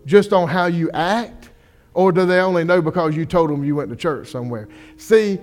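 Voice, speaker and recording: Young pastor preaching a folksy sermon. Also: male voice, on the high side. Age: young adult. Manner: folksy storytelling, animated quoted voices.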